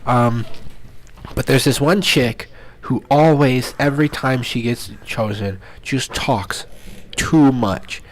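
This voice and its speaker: A man's voice: mid-range voice, slow, a little hiss or hum. Young guy ranting on a podcast, laughs a lot, mocks people, regular mid voice. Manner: ranting, laughing often, mocking voices in quotes. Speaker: podcast co-host. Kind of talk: casual chat.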